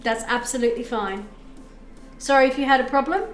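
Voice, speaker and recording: A woman's voice: high voice, a little fast. A woman giving a live tarot reading on stream, chatting with viewers and thanking them as she explains the cards. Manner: chatty, reads chat aloud, thanks viewers. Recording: echoey room with faint music.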